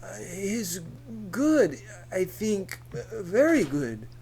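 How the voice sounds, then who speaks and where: A man's voice: high voice, big pitch swings, drawn-out words, vocal fry, darkish tone, pitched above the performer's own voice, full character voice. Shy, hesitant pool man with a Spanish accent, voiced by a male reader. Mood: flustered. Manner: hesitant, polite.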